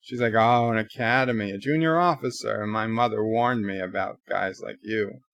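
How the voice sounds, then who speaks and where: A man's voice: fairly low pitch, normal speed, a bit bright, no room sound. A man giving a casual live reaction to a TV episode, retelling the plot with quoted lines and offhand asides. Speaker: show reviewer.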